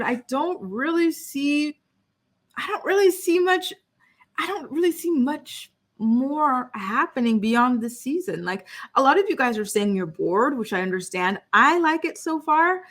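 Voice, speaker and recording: A woman's voice: high voice, fairly bright tone. A woman talking casually and with strong opinions as she recaps a reality show for her channel, dropping plenty of "like" and "you know.". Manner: chatty, opinionated, heavy use of "like".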